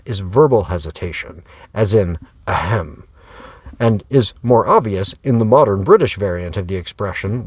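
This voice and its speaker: Man reading his novel aloud, husky, low-pitched, lively intonation, dry close sound. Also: dry recording. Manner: wry, storytelling. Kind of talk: audiobook narration.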